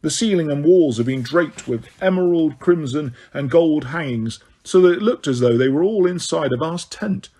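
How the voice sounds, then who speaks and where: A man's voice: fairly high pitch, animated, normal speed, few pauses, dark tone. A man reading a novel aloud as an audiobook narrator, with occasional stumbles and restarts. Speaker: audiobook reader.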